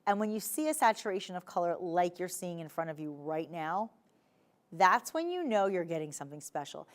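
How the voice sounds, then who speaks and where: A woman's voice: on the low side, animated, brisk. Chatty New Jersey woman selling jewelry. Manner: chatty, enthusiastic sales patter. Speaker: shopping channel host. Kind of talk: live TV sales pitch.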